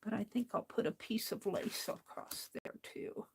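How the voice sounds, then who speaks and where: A woman's voice: medium pitch, steady tone, measured pace, darkish tone, slight background noise. A woman hosting a crafting livestream, chatting casually, thinking aloud and talking to her viewers. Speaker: livestream host.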